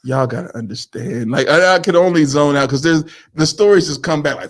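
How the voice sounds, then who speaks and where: Male co-host, lively storyteller with sound effects, pitch high and swinging wide. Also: brisk. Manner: laughs often while talking. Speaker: podcast co-host. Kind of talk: casual storytelling chat.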